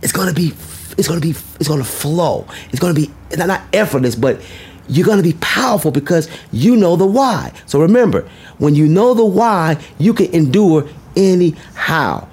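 Husky man giving an emphatic motivational speech. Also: fairly high pitch, expressive, moderate pace, a little mellow. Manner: emphatic, preacher-like, repeats key lines. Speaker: motivational speaker.

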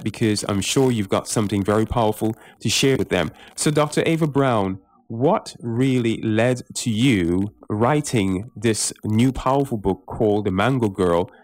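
A man's voice: mid-range voice, a little mellow, no room sound. Enthusiastic man hosting a radio show. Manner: enthusiastic, drawn-out emphasis, fillers. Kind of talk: radio interview.

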